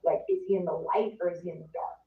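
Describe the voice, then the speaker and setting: A woman's voice: lowish voice, steady tone, fast, gravelly. A woman guest in a casual interview, telling a story in a chatty way, full of "like" and acted-out quotes. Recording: distant, roomy, phone-like sound.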